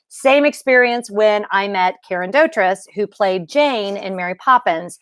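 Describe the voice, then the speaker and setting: Livestream host, woman, excitable and gushing, mid-pitched, close and dry sound. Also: unhurried, hardly any pauses, no echo. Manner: gushing, excitable, rambling with restarts. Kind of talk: casual livestream chat to viewers.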